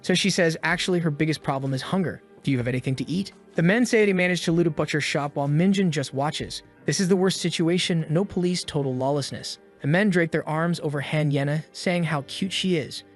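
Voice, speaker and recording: Sarcastic male recap narrator, higher voice. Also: fairly quick, few pauses, soft background music. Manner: sarcastic asides to the listener. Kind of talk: scripted story recap narration.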